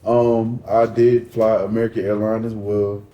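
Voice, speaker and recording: A man's voice: fairly low pitch, unhurried, dull audio, soft background music. A man co-hosting a podcast, chatting casually in a jokey, easygoing way. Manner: relaxed, jokey, laughs easily. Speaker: podcast co-host. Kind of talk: casual chat.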